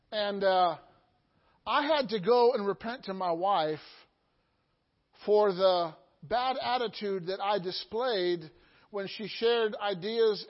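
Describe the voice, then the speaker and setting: A middle-aged pastor with a very high voice delivers a sermon, shifting from hushed asides to loud, soaring exclamations. In call-and-response style he often asks his congregation "Amen?", and the audio sounds dull and muffled.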